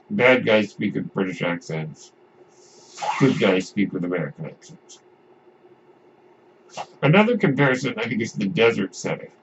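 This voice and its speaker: A man's voice: fairly low pitch, creaky, a bit bright. Guy on a podcast musing about movies, lots of restarts, slight hiss behind him. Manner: rambling, with frequent restarts and asides. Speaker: podcast host. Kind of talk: casual film commentary. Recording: dull lo-fi audio with faint noise.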